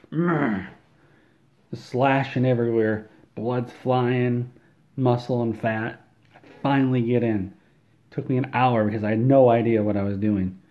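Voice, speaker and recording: A man telling an absurd comedic story in a deadpan, rambling way, often repeating words. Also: mid-range voice, dull audio.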